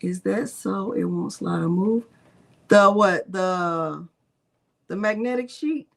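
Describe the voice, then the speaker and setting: A woman's voice: mid-range voice, slow, creaky. Woman host of a live craft stream: casual, chatty, talks through each step, answers chat. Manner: chatty, narrates her clicks aloud and answers live chat; talks to herself under her breath at times.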